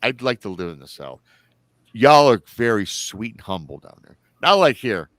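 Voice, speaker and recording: A man's voice: fairly low pitch, very animated, moderate pace, a bit bright, dry recording. A man from Michigan hosting a livestream, telling a story in a rambling, chatty way that often corrects itself. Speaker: host.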